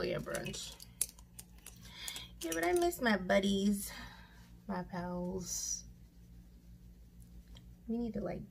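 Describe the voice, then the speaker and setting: A woman's voice: mid-range voice, creaky, a little mellow, a little hiss or hum. A young woman chatting casually through a makeup tutorial at home, self-mocking and swearing now and then. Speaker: beauty vlogger. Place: home room with mirror and lights. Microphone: camera mic.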